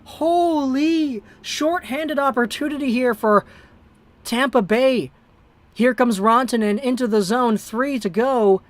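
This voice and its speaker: An amateur livestream host calling a hockey game play by play, excitable and breathless. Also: medium pitch, takes it slowly.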